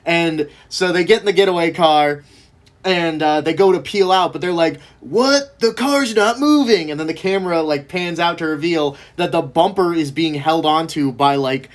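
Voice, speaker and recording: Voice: mid-range voice, fairly even intonation, normal speed. A vlogger chatting casually, rambling with lots of fillers and laughing at their own stories. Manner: heavy fillers like "like" and "um". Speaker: video creator. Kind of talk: casual chat.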